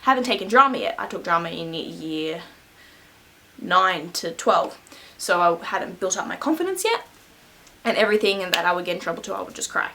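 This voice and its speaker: A woman's voice: fairly low pitch, lively intonation, normal speed, pushed and bright, low-quality recording. Chatty young woman telling a storytime. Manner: rambling, laughs often, lots of fillers. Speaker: beauty vlogger. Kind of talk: casual storytime.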